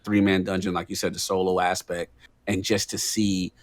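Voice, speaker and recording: This man co-hosts a gaming podcast and chimes in with agreeable, animated riffs. His voice jumps up when something excites him. The recording is dry and close, with no room echo. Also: deep voice. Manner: agreeable, animated, quick to laugh. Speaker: podcast co-host. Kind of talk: casual gaming podcast chat.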